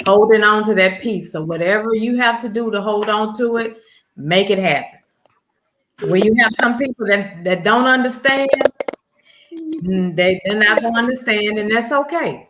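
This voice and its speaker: A woman's voice: mid-range voice, fairly bright tone, a little hiss or hum. A woman taking part in a casual group video chat, affirming and supportive. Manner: affirming, supportive, quick to agree. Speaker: participant.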